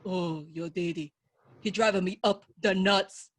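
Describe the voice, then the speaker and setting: A woman's voice: mid-range voice, a little slow, crowd noise, voice pushed down, lightly acted. Woman doing her heavily accented nagging mom. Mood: exasperated. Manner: broken English, exasperated nagging. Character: immigrant mother with heavy accent, scolding.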